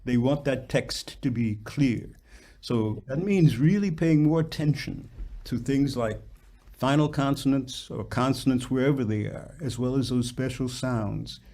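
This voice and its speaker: An older male voice teacher coaches a singer with patient, precise remarks. He slows down to model words and sometimes sings a phrase up high to demonstrate, in a roomy hall. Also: mellow. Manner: patient, demonstrates phrases by singing them in falsetto-high lines; precise about diction, models words slowly. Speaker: voice teacher leading a masterclass. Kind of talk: masterclass coaching.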